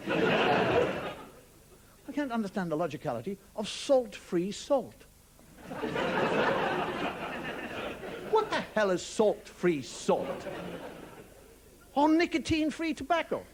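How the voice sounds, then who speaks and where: Taking it slowly with long pauses, an Irish comedian speaks in a high, sing-song voice during a televised stand-up set, wry and casually swearing. Laughter from the live studio audience runs through the broadcast audio, along with crowd noise.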